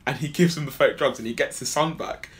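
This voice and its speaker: A man's voice: mid-range voice, quick pace. A man co-hosting a podcast, chatting casually and animatedly about a film, rambling and swearing often. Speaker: podcast co-host. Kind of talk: casual film review chat.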